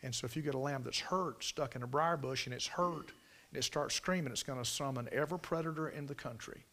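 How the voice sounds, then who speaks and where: Preacher swinging loud to hushed. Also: male voice, medium pitch, a little fast. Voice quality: folksy storytelling preacher, swings from loud emphasis to hushed near-whispers. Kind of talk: sermon.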